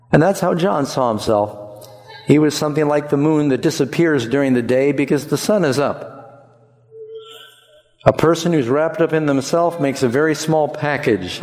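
A man preaching a sermon in an animated, conversational way, jumping up in pitch for emphasis. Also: big-room sound.

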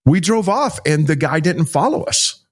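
A middle-aged man, a pastor, telling a personal story to an interviewer in an animated, emphatic way, acting out dialogue and repeating himself. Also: a little high, moderate pace, slightly rough.

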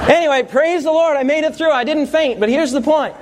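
A man's voice: extremely high pitch, fast talker, few pauses, very noisy. A man preaching a sermon, telling a personal story and asking the congregation questions.

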